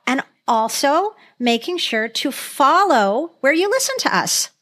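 A woman's voice: high-pitched, big pitch swings, a little fast, pushed and bright. A woman hosting a casual podcast game, laughing often and sounding exasperated. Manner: giggly, exasperated. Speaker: podcast host.

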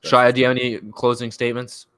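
A young man co-hosting a casual podcast over a video call, joking and quick to react. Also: mid-range voice, completely flat delivery, fairly bright tone, clean tone, no echo.

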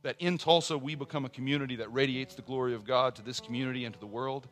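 A middle-aged man preaching a sermon as pastor, earnest, dropping to soft personal asides and rising to strong emphasis. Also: mid-range voice, steady tone, fast, soft background music.

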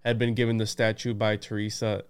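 A man hosting a casual podcast chat, excitable and laughing, reading aloud from notes. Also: fairly low pitch, brisk, clean tone. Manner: excited, laughing, says "bro" and "dude". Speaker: podcast host.

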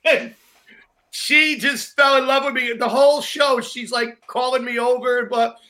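Talk show host guy, high bright voice, chatty storyteller. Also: level tone, measured pace. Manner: chatty anecdote teller. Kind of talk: casual chat.

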